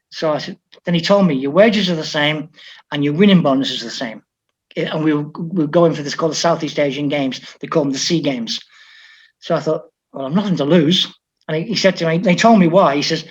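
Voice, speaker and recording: A man's voice: fairly high pitch, brisk, breathy edge. A man from England, a football coach, telling stories in an interview and acting out the dialogue of the people in them. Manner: lively storyteller who quotes others in dialogue. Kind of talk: conversational anecdote telling. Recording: slightly dull lo-fi audio.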